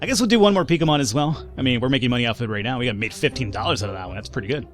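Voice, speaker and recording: A man's voice: mid-range voice, lively intonation, rapid-fire, faint music behind. A man giving casual, sarcastic let's-play commentary, rambling and swearing freely. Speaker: gameplay commentator.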